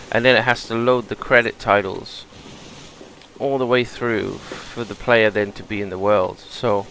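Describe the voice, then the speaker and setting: A man's voice: medium pitch, creaky, a bit bright, a little hiss or hum, rough recording. A man hosting a gaming video, chatting casually and thinking aloud as he plays. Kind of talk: relaxed gameplay commentary.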